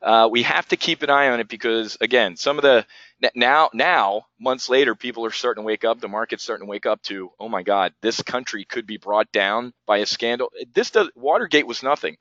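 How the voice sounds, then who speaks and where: A man's voice: medium pitch, fairly quick, sharp tone, no room sound, lo-fi sound. A man hosting a live market commentary show, heated and ranting, tripping over his words as he talks. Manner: heated, ranting and repeating himself. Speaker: trading show host.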